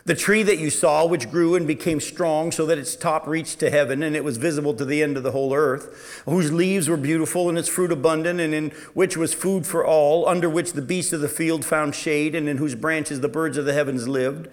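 A man preaching a sermon with a slightly higher voice than most men. He reads scripture aloud and explains it, turning to ask his listeners questions. His delivery is animated, with loud emphasis giving way to quiet asides. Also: brisk.

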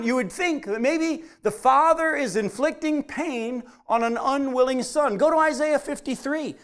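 A man preaching a sermon, reading scripture aloud and driving points home with animated emphasis. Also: very high-pitched, unhurried, few pauses. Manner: animated preaching, voice rising on quotes. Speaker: pastor.

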